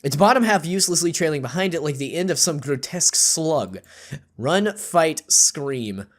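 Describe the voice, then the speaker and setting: A man's voice: fairly high pitch, expressive, normal speed. A man reading a text game aloud with jokey, sarcastic, rambling asides. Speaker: YouTube gamer.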